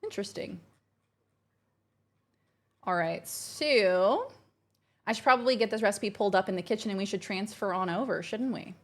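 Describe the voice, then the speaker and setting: A woman's voice: medium pitch, lively intonation, moderate pace, long pauses. A woman streamer chatting casually and bubbly with her live chat from home while planning her week. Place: home, kitchen.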